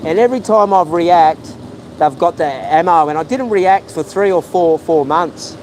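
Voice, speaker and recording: A worked-up Australian man with a high voice, venting on a live stream from a street outside. He sounds emotional and keeps circling back to the same points. Faint traffic hums behind him. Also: moderate pace, darkish tone. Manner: agitated, heated, repetitive ranting. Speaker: vlogger. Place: outdoors on a street.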